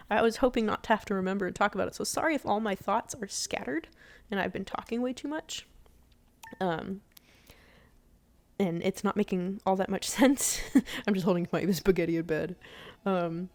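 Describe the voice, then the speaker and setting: A woman's voice: mid-range voice, moderate pace, a little mellow. A young woman vlogger talking casually from bed while gaming, rambling with restarts and acting out quoted speech. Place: in bed at home.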